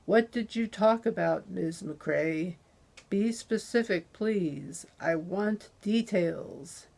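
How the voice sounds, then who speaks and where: A woman voicing a cold, commanding male interrogator who asks clipped, demanding questions in a slow reading. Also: medium pitch, expressive. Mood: menacing.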